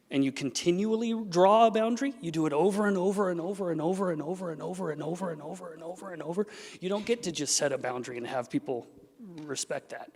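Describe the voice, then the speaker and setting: Man speaking in a reverberant hall. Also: fairly high pitch. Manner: animated, acts out quoted voices. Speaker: therapist giving a talk. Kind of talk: symposium presentation. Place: event hall. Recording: long reverb of a large hall.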